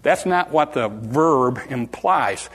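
A man's voice: mid-range voice, expressive, takes it slowly, a bit bright, husky. Man preaching in a reverberant church hall. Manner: conversational, repeats words and restarts, acts out scenes with a helper. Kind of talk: informal sermon with Bible teaching.

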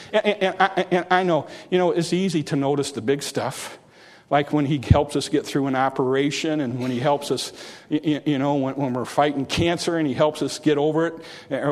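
A man's voice: fairly high pitch, darkish tone. A man preaching a sermon earnestly, repeating phrases and restarting words as he goes. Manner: earnest, repetitive, with stumbling restarts.

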